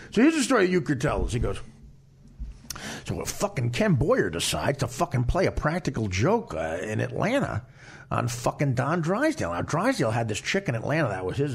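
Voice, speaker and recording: A man's voice: mid-range voice, creaky, slightly rough. A middle-aged man hosting a podcast, telling a long, profane anecdote in casual chat. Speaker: podcast host.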